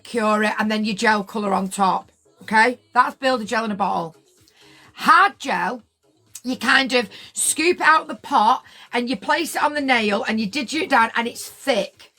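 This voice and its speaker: A woman's voice: fairly high pitch, bright, forceful tone. A woman, chatting casually on a livestream and telling a story indignantly, repeating her points for emphasis. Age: 50s. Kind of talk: casual livestream chat with viewers.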